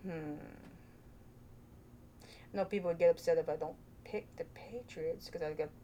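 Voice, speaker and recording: A woman's voice: lowish voice, normal speed, warm tone, a little hiss or hum. A woman hosting a casual vlog, chatty and playful, thinking aloud into her own microphone. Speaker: vlogger host.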